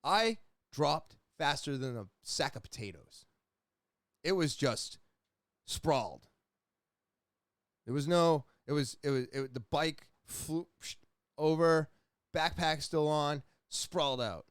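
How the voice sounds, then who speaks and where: A young adult man hosting a podcast, casually telling a rambling, profane story with animated retellings. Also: fairly high pitch, takes it slowly, long pauses, dry recording, studio quality. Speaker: podcast host.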